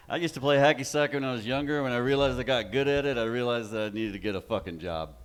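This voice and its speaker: A man's voice: medium pitch, quick pace, hardly any pauses, a little hiss or hum. A man in his forties from West Texas with a Texan accent, doing a loose, profane stand-up set on a club stage and laughing at his own jokes. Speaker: stand-up comedian.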